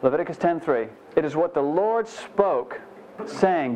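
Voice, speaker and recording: A man's voice: a little high, animated, a little slow, darkish tone, slight background noise. A man preaching a conversational Bible teaching sermon, folksy and self-deprecating, with frequent "you know" asides. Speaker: pastor. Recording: muffled lo-fi sermon recording.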